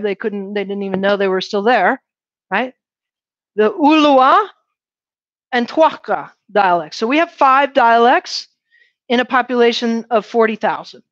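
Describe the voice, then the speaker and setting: High-voiced woman lecturing a class. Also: no echo. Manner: keeps asking "right?" to check in with students; lively, poses questions to the class. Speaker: university lecturer. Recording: dull, dry classroom recording.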